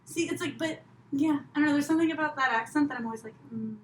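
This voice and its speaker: A woman's voice: high voice, very fast. A woman comedian chatting casually as a podcast guest, laughing often and teasing herself. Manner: chatty, laughing, self-deprecating. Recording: roomy with faint noise.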